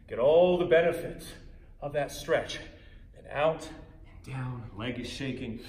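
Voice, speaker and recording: A man leading a guided yoga class as instructor, giving calm cues with playful, joking asides. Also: mid-range voice, moderate pace, slight background noise. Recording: echoey room with faint ambience.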